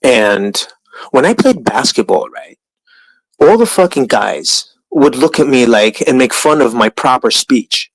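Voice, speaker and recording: Casual rant from a man streaming, pitch jumps all over, swears a lot. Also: a little slow, slightly rough, poor audio. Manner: animated, profane, mocking impressions. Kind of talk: ranting live-stream monologue.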